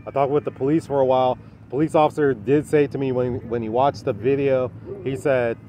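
A man's voice: medium pitch, fairly even intonation, a little fast, warm tone. Rambling man vlogging at a dog park. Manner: rambling, lots of "anyhow" and "uh". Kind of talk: casual vlog to camera.

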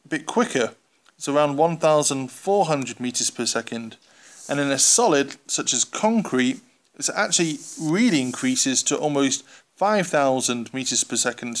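Relaxed male physics teacher explaining. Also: mid-range voice. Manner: relaxed and conversational, with frequent "uh" pauses. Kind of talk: explaining exam topics over drawn diagrams.

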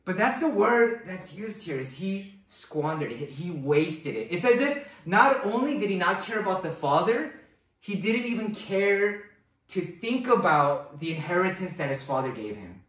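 A man preaching a sermon in an animated way, often adding "right?" to his points. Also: sits high, a little slow. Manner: animated, acts out quoted voices with many "right?" tags. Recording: echoey hall, voice from far off.

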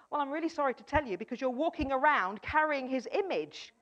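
A woman's voice: sits high, animated, normal speed, muffled recording. A woman preaching a sermon, emphatic, often repeating her key phrases and acting out a doubter's replies.

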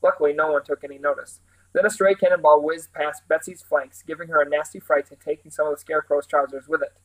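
A man reading a children's storybook aloud in a steady, animated storytelling manner. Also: fairly high pitch, quick pace, low-quality recording. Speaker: reader.

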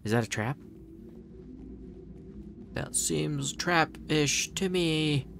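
A man's voice: fairly high pitch, extremely slow, creaky, noisy background. A man playing through a horror game, talking to the characters on screen, yelping and swearing at each scare. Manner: jumpy, yelps and swears, talks to the game characters. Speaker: let's play gamer.

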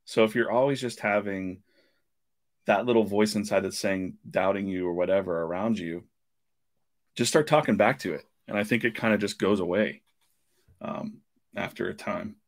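Low-voiced man hosting a casual podcast. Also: normal speed. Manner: rambling, many fillers and restarts. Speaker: podcast host. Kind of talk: casual live podcast talk.

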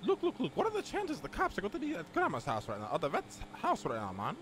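A man putting on a squeaky wound-up street thug. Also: huge pitch swings, fast, fairly bright tone, slight background noise, heavily acted. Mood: worked up. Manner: swears constantly, tags lines with "brother" and "man". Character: hyped young male street criminal, loyal. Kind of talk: crime role-play.

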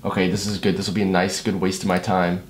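A man making a beat against the clock in a comedic vlog, talking himself through it with loud, profane chatter and mock-dad jokes. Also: deep voice, fast. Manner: hyper, profane self-talk while working; jokey mock-dad banter. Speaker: music producer. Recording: echoey room with steady noise.

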